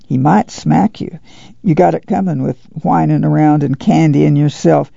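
Blunt, stern farm mother, read by a gravelly man. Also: on the high side, steady tone, moderate pace, mellow, no echo. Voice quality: plain rural dialect, blunt. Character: steady, stern farm mother, middle-aged woman. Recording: dull dry lo-fi studio read.

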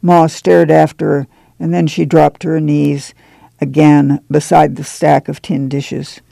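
A man narrating a novel in a measured, even storytelling manner. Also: on the high side, creaky, dry recording. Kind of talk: audiobook narration.

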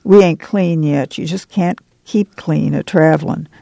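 A woman's voice: low voice, unhurried, vocal fry, dark tone, no room sound. A man voicing a weary, guarded migrant mother who speaks in a folksy rural dialect.

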